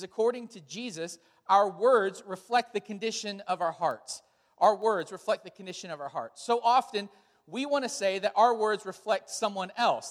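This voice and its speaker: A man's voice: high voice, a bit bright. Man preaching in a reverberant church hall. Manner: casual, storytelling, with frequent fillers. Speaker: pastor. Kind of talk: sermon with announcements.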